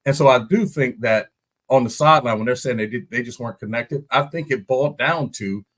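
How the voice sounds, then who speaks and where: A man, a former football lineman, breaking down a game on a podcast in animated, story-driven casual chat, laughing often. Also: mid-range voice, brisk. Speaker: guest analyst, former NFL lineman.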